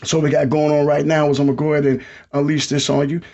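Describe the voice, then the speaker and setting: A middle-aged man hosting a podcast, talking casually and hyping up listeners with repeated shout-outs. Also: a little high, flat delivery, very fast, creaky, highs cut off. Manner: hyped, repetitive shout-outs to the audience. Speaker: podcast host.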